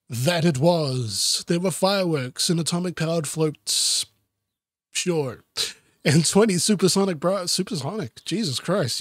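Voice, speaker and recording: A man reading a children's book aloud with deadpan, self-mocking asides. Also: fairly high pitch, normal speed, husky, no echo, clean studio sound. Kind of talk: sarcastic comedic book reading.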